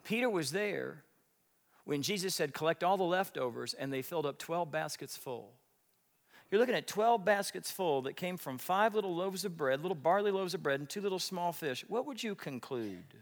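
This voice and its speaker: A man preaching a sermon, telling stories with big swings, shouting at the high points and dropping to a whisper. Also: animated, moderate pace. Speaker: pastor. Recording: long hall reverb.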